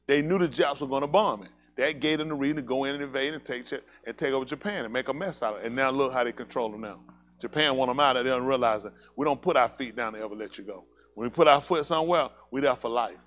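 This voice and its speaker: A man's voice: medium pitch, fast, a bit bright. A man preaching a fiery sermon as pastor, emphatic and colloquial, repeating calls like "listen" and firing rhetorical questions at the congregation.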